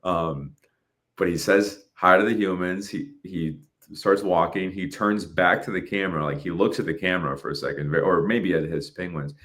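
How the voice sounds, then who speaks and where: A man in his late thirties co-hosting a podcast, talking casually in animated bursts and swearing freely. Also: sits low, moderate pace. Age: 30s. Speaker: podcast co-host. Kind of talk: casual chat.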